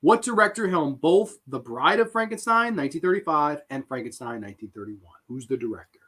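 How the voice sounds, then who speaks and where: A man with a somewhat high, very lively voice hosting a live trivia stream. His tone is bright and forceful, and he swears freely as he reacts to answers from chat. Each question spills into excited banter. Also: fairly quick. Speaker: host.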